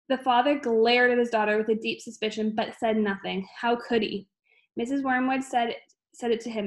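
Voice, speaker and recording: A woman reading a children's book aloud at an unhurried pace, with frequent small slips and restarts. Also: a little high, steady tone. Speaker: reader.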